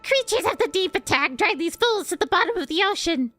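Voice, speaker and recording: A woman voicing a vengeful drowned girl ghost from a video game, uttering slow, threatening curses. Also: very high voice, lively intonation, sharp tone, soft background music, voice pushed up, heavily acted. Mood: commanding.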